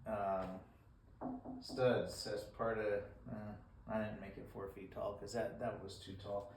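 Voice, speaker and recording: Unhurried DIY guy talking through his build, rambling and self-deprecating; recorded from across a boomy garage with tool noise. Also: little pitch movement, a little mellow. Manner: self-deprecating, rambling, stops mid-thought. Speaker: DIY woodworking vlogger. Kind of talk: casual how-to narration while working. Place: hot garage workshop in the desert. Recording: echoey garage, distant mic, tool noise.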